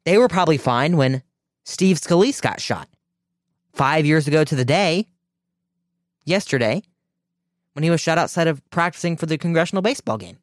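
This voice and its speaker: A man's voice: a little high, animated, moderate pace, pauses often, no room sound. A man hosting a political radio show, delivering an indignant, emphatic commentary monologue with frequent restarts into a close mic.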